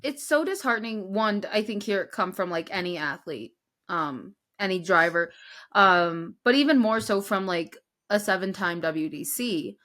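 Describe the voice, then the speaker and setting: A young woman co-hosting a casual racing recap, expressive and animated as she talks. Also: medium pitch, normal speed. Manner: expressive, animated, mimics voices. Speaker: podcast co-host. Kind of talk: casual sports recap chat.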